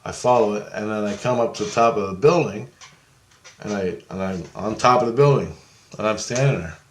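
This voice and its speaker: A man with a lowish voice speaks fairly quickly as he tells of an astral travel experience, rambling casually, cursing, laughing often and mimicking the people involved. The room echoes, and there's a little hiss or hum.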